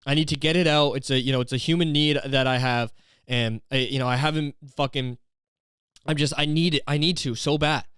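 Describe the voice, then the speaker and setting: A young man hosting a comedy podcast, ranting in a profane, animated, self-mocking way. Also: mid-range voice, fairly quick, clear, resonant tone, no room sound, clean studio sound. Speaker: podcast host.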